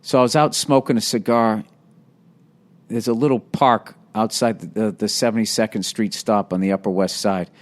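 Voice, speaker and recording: A man's voice: lowish voice, fairly even intonation, normal speed. A man who is a comedian and podcast host, telling a casual, profane, self-deprecating anecdote.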